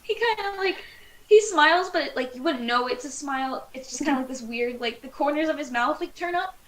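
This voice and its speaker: Woman, game master, high voice, rambling narration, lots of fillers. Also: lively intonation, fairly quick, a bit bright. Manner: rambling, filler-heavy, giggly describing. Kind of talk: casual tabletop game narration.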